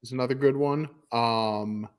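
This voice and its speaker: This podcast co-host chats casually in a studio equipped with video cameras, joking and poking fun at himself. His mid-range voice has a clean tone and fairly even intonation, and he takes his time.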